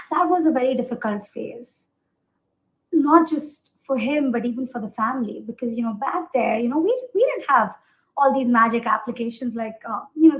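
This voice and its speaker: Podcast guest, woman in her thirties from India, animated storyteller, fairly high voice. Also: poor audio. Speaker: guest, accessibility product manager.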